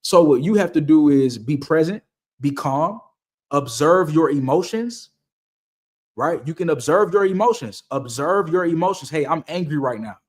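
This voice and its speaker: A man's voice: a little high, expressive, unhurried, darkish tone. A young man hosting a Q&A, talking casually and giving motivational advice, repeating his key points and using slang. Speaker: host answering viewer questions.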